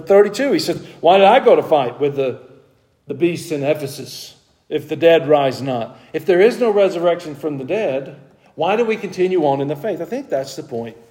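A man's voice: fairly high pitch, dark tone. A man teaching a Bible study to a group in a conversational way, talking with the class and growing more emphatic as he explains the passage.

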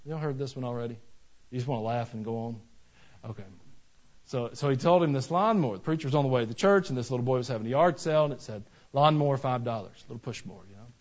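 A man's voice: medium pitch, very fast. Conversational male pastor preaching. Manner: conversational, storytelling, swings loud to soft. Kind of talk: sermon. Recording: dull lo-fi recording.

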